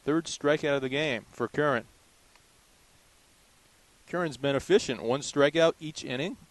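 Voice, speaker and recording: A young man calling a college baseball game pitch by pitch in steady, descriptive play-by-play. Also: measured pace, no echo, rough recording. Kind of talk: live baseball play-by-play commentary.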